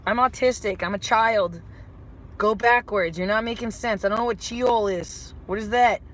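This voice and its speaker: A woman's voice: mid-range voice, normal speed, fairly bright tone. A woman hosting a casual live chat from her phone, rambling and playful as she reads comments, first in a car and then at home. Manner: rambling, playful, drifts between topics. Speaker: livestream host.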